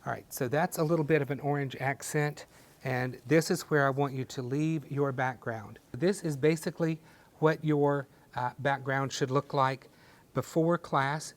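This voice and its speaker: A man teaching a step-by-step painting class, talking gently and encouragingly with folksy little sayings. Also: on the high side, fairly even intonation, moderate pace. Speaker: painting instructor.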